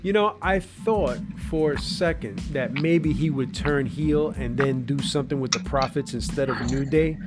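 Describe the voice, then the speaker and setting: A man with a somewhat high voice talks in loose, casual chat as a co-host. He gets animated, jumps into quoted voices and laughs at himself between thoughts. Soft music sits faintly behind him. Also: moderate pace, few pauses. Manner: animated, laughs often, self-mocking. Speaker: podcast co-host.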